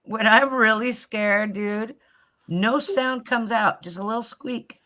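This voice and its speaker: An older woman chatting casually, telling animated stories and acting out her own reactions with lots of exclamations. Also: a little high, slow, slight background noise. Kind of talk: casual chat.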